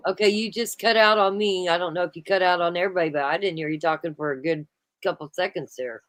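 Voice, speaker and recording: A woman's voice: fairly low pitch, fast talker. An American woman hosting a live stream, chatting playfully with her guest and reading chat messages aloud. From United States. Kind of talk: casual chat.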